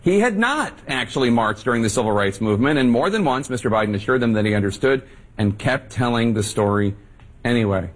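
Male TV anchor, husky, wry, measured. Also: mid-range voice, animated. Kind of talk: television news commentary.

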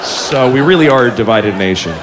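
A middle-aged man performing stand-up comedy, telling an animated story with swearing and acted-out voices, on a club stage with a handheld microphone. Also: medium pitch, fairly quick, big-room sound, a loud crowd, very noisy. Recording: live club with laughing audience.

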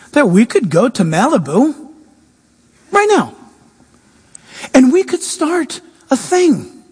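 A man's voice: sits high, a little mellow, slightly rough. A male pastor preaching a sermon emphatically, mixing humor with scripture. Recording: long echoing reverb of a large hall.

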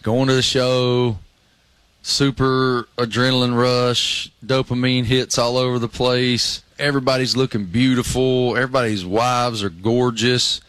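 A man's voice: mid-range voice, flat delivery, unhurried, a bit bright, clear, resonant tone, dry recording. A man co-hosting a radio show, telling wry anecdotes in casual chat.

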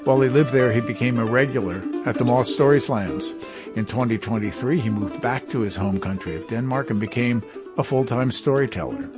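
Calm male radio host over guitar. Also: mid-range voice, a little fast. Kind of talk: scripted radio hosting. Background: guitar music.

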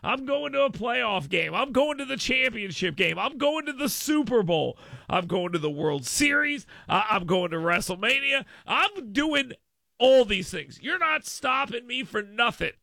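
A man's voice: extremely high pitch, very animated, measured pace, creaky, pushed and bright, no room sound, clean studio sound. A man hosting a radio talk show, riffing emphatically with listeners in a casual monologue.

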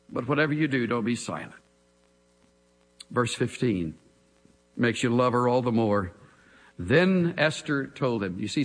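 A man preaching in a large sanctuary, his voice ringing with a long hall echo. He speaks slowly and deliberately, and his pitch swings widely from hushed low tones to raised, emphatic calls. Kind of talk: expository sermon.

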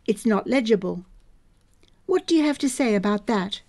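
A woman's voice: medium pitch, lively intonation, moderate pace, a little mellow. Woman reading as a stern young army lieutenant. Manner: formal, clipped, suspicious questioning.

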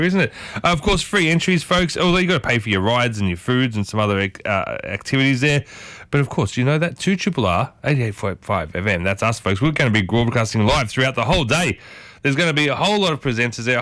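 A man's voice: mid-range voice, a bit bright, no echo. A man hosting a radio show in a chatty, enthusiastic way, talking to the listeners directly. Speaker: radio host. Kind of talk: casual radio chat.

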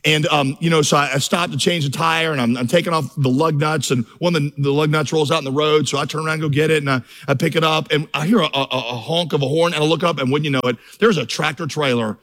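A middle-aged man delivers a sermon as pastor, with a voice that sits a little high. He tells stories in a relaxed way and then climbs into fervent, rising lists. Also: fast, hardly any pauses. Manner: storytelling, building to fervent crescendos.

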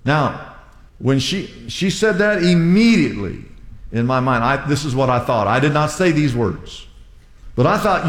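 An older pastor delivers a sermon, hammering his points through repetition and building to raised exhortations. His voice sits high and swings widely in pitch. The sound rings with the long echo of a church hall. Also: very animated, unhurried. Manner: emphatic, repetitive exhortation with rising shouts. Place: church sanctuary. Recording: echoey hall.

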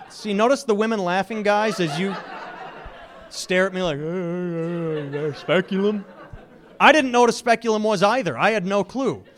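A man doing a stand-up set, telling an animated story and breaking into mock shouts. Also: high-pitched, brisk. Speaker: stand-up comedian.

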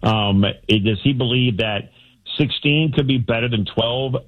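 A man co-hosting a sports radio show, talking in an animated, rambling way and repeating words as he starts his points. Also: medium pitch, a little slow. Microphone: phone line from a boat offshore. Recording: tinny phone-line sound.

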